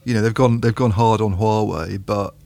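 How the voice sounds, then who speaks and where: A man co-hosts a casual tech podcast. His low voice has a gravelly, creaky edge. He talks conversationally and thinks aloud as he goes. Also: steady tone, moderate pace, darkish tone. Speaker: podcast co-host.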